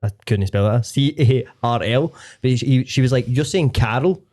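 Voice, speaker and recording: Scottish co-host, mid pitch, jokey banter, does quick impressions. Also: male voice, dark tone. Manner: quick banter, mimics others. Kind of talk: casual chat.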